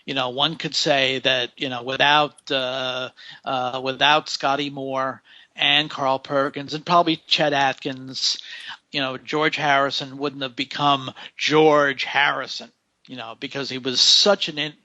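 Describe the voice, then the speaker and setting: Slow-talking bright man, lo-fi sound. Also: mid-range voice, level tone, no room sound. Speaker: podcast co-host. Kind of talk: casual podcast chat. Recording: dull lo-fi line.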